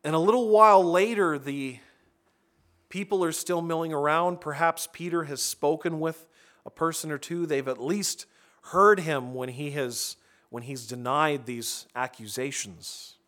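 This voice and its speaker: A man's voice: a little high, a little slow, a bit bright. Man preaching a conversational sermon. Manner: conversational preaching with frequent restarts and asides. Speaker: pastor.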